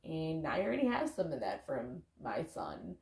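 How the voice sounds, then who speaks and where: A woman talks loosely and candidly in a casual motivational vlog, peppering her speech with "like" and the odd swear. Her low voice is gravelly and warm, and it carries an echo from the room. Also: wildly swooping pitch, normal speed. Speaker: vlogger, parent. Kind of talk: casual motivational talk to camera.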